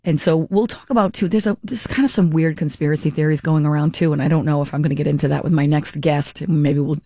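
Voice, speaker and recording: A woman's voice: low-pitched, steady tone, quick pace, warm tone, no room sound, clean studio sound. A middle-aged woman hosting a radio talk show, chatting casually and rambling with fillers and restarts.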